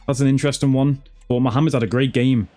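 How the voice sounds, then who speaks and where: Slangy gamer lad. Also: male voice, mid-range voice, steady tone, fast talker, warm tone. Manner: slangy, calls everyone lad; swears a lot. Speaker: gaming YouTuber. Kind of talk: gameplay commentary.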